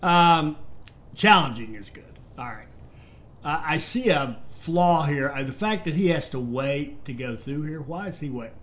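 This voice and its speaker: Speaking a little slowly in an animated, slightly bright voice on the high side, this man casually narrates his own gameplay as host of a let's-play. He thinks aloud, full of fillers and restarts.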